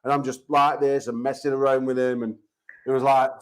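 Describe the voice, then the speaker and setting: A man's voice: mid-range voice, little pitch movement, fairly quick, poor audio. An English man hosting a call-in chat show, talking in brash, profane trash-talk banter. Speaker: host.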